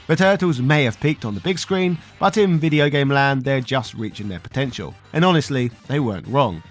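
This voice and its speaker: A man's voice: medium pitch, lively intonation, brisk, soft background music. A man narrating a scripted video game documentary in a playful, punchy way with wry asides.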